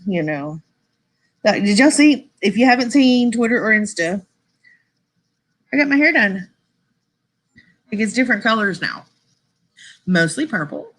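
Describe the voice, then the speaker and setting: A woman's voice: lowish voice, fairly bright tone. A woman hosting a casual live stream, chatting and rambling to her viewers, laughing often and saying y'all.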